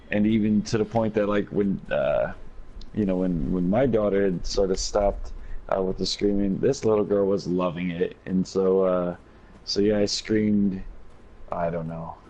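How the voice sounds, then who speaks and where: Raspy-voiced man rambling on a headset. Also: fairly low pitch, dark tone, slight background noise, low-quality recording. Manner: rambling storyteller with many fillers and restarts. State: hoarse from screaming. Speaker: streamer. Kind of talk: casual gaming chat.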